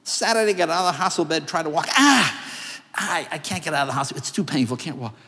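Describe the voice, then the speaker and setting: A man in his sixties accepting an award on a large theater stage, telling comic stories in an animated, jokey way. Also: fairly high pitch, very fast. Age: 60s. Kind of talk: stand-up storytelling. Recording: long reverb of a large theater.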